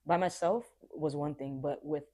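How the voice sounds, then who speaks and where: A woman's voice: low-pitched, moderate pace, dark tone. A young adult woman talking earnestly and reflectively in a casual podcast conversation, sometimes acting out what people said. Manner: reflective, earnest, acts out quoted voices.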